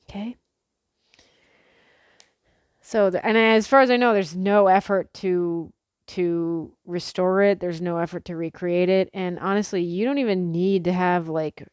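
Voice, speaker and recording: Chatty, swearing woman vlogger, low voice. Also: fairly even intonation, slow, long pauses, a little mellow, clean tone, dry recording, studio quality. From Pacific Northwest. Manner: chatty, swears freely, frequent fillers and restarts. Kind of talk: casual rambling monologue.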